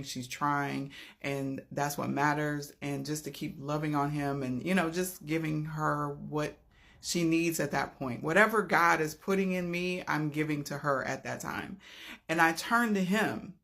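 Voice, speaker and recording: A woman earnestly telling a personal story from an encounter, heartfelt, swinging between loud and hushed moments. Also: deep voice, vocal fry.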